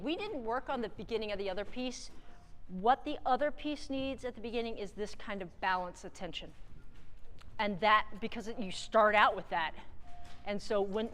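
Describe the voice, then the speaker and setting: A woman leading a high school wind band in a clinic rehearsal, giving direct, encouraging instructions and singing phrases to demonstrate. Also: fairly bright tone. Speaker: guest conductor. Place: large theatre stage. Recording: long hall reverb from a theatre.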